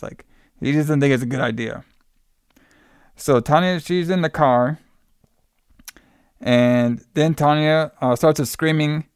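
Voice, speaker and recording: Rambling man recapping a film, smooth voice. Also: medium pitch, no echo, clean studio sound. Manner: loose and rambling, with many fillers and playful asides. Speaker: podcast host recapping a film. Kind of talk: casual movie recap chat.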